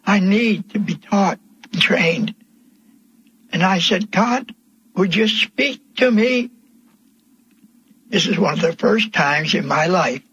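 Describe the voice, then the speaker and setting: An older man preaching a sermon, telling his testimony slowly and emphatically, with voice rising into cries. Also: high-pitched, a bit bright, husky, no echo, highs cut off. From Pennsylvania, USA.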